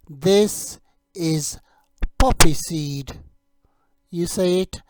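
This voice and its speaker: A man teaching English vocabulary in a slow repeat-after-me drill, speaking in a measured, deliberate way with hesitant pauses. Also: a little high, fairly even intonation, noisy background.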